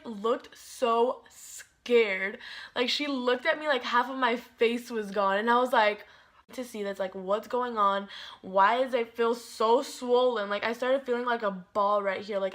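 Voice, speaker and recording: Chatty young woman vlogger, slightly high voice. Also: fairly bright tone. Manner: chatty, fillers of like, quoting herself dramatically. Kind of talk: casual storytime.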